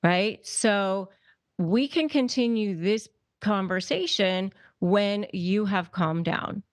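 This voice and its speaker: A woman's voice: medium pitch, slow, no echo. A woman attorney giving advice as a podcast guest, speaking emphatically, repeating key phrases and restarting often. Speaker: guest, attorney and negotiation expert.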